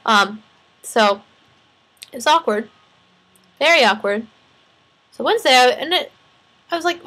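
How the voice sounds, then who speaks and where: A young woman in her twenties, a student teacher, talking through her week in a rambling, animated vlog, sounding tired. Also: high voice, unhurried, pauses often, low-quality recording. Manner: rambling, animated, restarts and laughs often. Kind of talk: casual personal vlog venting.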